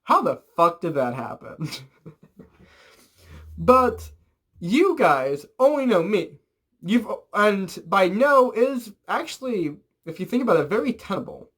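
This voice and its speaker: A young man with a high voice tells a long family story for his vlog. He rambles and fills every pause with likes and you-knows, dropping a swear word now and then. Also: slightly rough. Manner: rambling, filler-heavy, animated storytelling with swearing. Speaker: vlogger.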